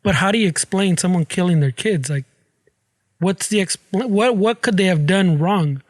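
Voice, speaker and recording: A man's voice: high voice, animated, normal speed, no room sound. A man with a Mexican-American accent talking earnestly on a podcast, mixing in Spanish phrases. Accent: Mexican-American English. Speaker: podcast co-host. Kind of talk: casual chat.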